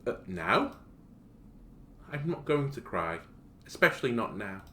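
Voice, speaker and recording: A man voicing a timid, tearful teenage schoolgirl who is trying to be brave, speaking softly and hesitantly, in an echoey room. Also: mid-range voice, big pitch swings, a little slow, slight background noise. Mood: shaky resolve.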